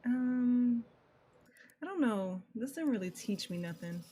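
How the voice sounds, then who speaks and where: A woman streaming a game playthrough, reacting excitably, swearing and laughing as she talks. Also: on the high side, measured pace, a little hiss or hum. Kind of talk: casual playthrough commentary.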